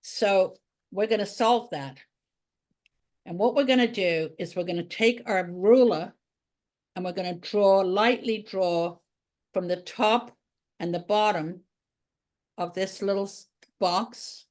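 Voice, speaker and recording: A woman art teacher walks through a drawing lesson, chatting as she works. She thinks aloud while she draws, and her pitch sits in a middle range. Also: takes it slowly, long pauses, darkish tone. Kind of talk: drawing tutorial.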